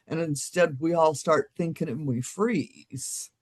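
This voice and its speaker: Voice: medium pitch, takes it slowly. A co-host in a live-streamed spiritual discussion, talking bluntly and emphatically, with earthy swearing.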